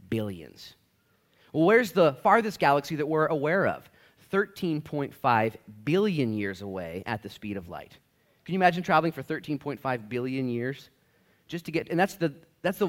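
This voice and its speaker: A man preaching a sermon in an easygoing, conversational way. His pitch jumps around a lot as he acts out little asides for the congregation. The pitch sits in the middle range. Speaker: pastor. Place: church.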